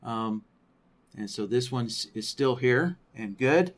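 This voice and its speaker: Slow, thinking-aloud male software instructor. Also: medium pitch, lively intonation. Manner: thinking aloud, frequent tag question "right?"; many fillers like "you know" and "um". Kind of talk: screen-recorded software tutorial.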